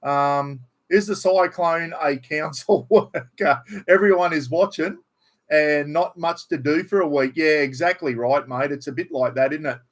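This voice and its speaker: A man's voice: on the high side, a little slow. A man with an Australian accent chatting casually to viewers on a home livestream, swearing freely and reading out names. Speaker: livestream host. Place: at home indoors. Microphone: computer livestream.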